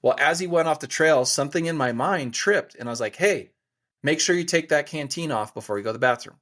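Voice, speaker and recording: Slightly high-voiced and fairly quick, an American in his forties who guides hunts and outfits hunters tells a story as a podcast guest. He speaks casually and animatedly, performing the voices of those he quotes.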